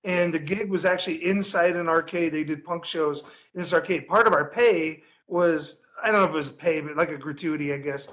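A man telling a rambling, animated story in casual podcast chat, laughing often as he goes. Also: on the high side, a little fast, few pauses.

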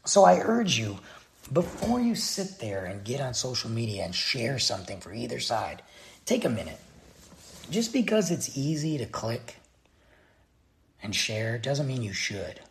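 A man's voice: medium pitch, big pitch swings, measured pace, creaky. A man giving a blunt, exasperated opinion rant straight to his viewers. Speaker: vlogger. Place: Texas.

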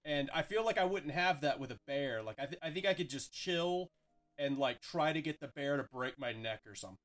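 A man's voice: on the high side, expressive, brisk, fairly bright tone, faint music behind. A young man hosting a casual podcast chat, rambling and profane, with lots of "like". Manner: rambling, profane, heavy filler "like". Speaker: host.

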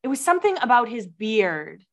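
A woman co-hosts a podcast in casual, chatty conversation, laughing easily and swearing freely. Her voice is fairly high with big pitch swings, at a moderate pace.

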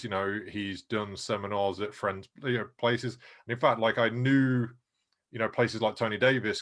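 A man, a martial arts instructor, talking in a relaxed, plain-spoken way with some slang in a casual podcast chat. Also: lowish voice.

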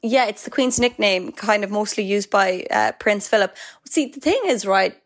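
A woman's voice: mid-range voice, normal speed. A woman co-hosting a podcast in casual chat, talking with plenty of fillers and asides. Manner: chatty, lots of fillers and asides. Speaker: podcast co-host.

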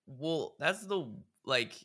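A man's voice: on the high side, slow pace. A man casually recapping a story game with friends, rambling with lots of fillers. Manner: rambling, many fillers, animated retelling. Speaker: podcast co-host discussing a game. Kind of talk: casual chat.

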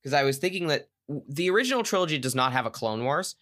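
A man's voice: on the high side, lively intonation, fast talker, a bit bright. A young man co-hosting a podcast, chatting casually, rambling and correcting himself as he goes. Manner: rambling, self-correcting, enthusiastic. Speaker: podcast co-host. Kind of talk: casual chat.

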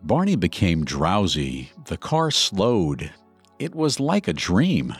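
A man with a very low but lively, animated voice narrates a true story in scripted podcast style. He tells it expressively and dramatically. Faint music sits underneath. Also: slow, slightly rough.

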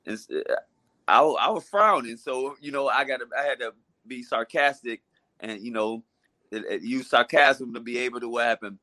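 Middle-aged dad, bright sharp voice, candid and halting, dry mic. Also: male voice, medium pitch, no echo. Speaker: father of a guest. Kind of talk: casual interview chat.

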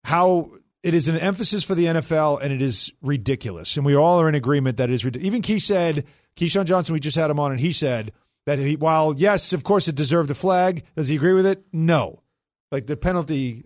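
A man hosting a sports talk radio show, brisk and emphatic, on a studio mic. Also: on the high side, no room sound. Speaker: host.

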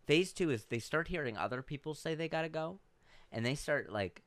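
A man co-hosting a podcast, telling a story in casual chat, going from loud outbursts to hushed asides. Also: on the high side, brisk, no room sound. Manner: animated storytelling, swings from shouting to hushed. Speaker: podcast co-host.

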